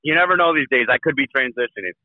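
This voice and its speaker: Fast-talking man on a tinny line. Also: mid-range voice, no room sound. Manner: fast, joking, animated storytelling. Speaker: guest show host. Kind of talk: casual political chat. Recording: tinny phone-like call line.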